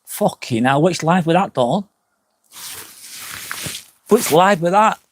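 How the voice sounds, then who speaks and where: A man hosting a casual live stream outdoors by a fire pit, a little drunk on wine, rambling through chat comments with lots of swearing and quick apologies. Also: high voice, lively intonation, a little hiss or hum. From England. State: tipsy from wine.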